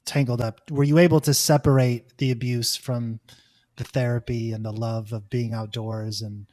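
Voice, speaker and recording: A man's voice: medium pitch, level tone, moderate pace, a little mellow. A man hosting a podcast, asking a guest a long, searching question with hesitant restarts. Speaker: podcast host. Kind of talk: interview questions.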